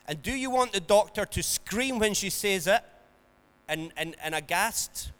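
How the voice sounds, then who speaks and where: Male preacher, earnest sermon delivery, unhurried, reverberant hall sound. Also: high voice, animated, smooth. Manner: earnest, builds to emphatic peaks then drops soft.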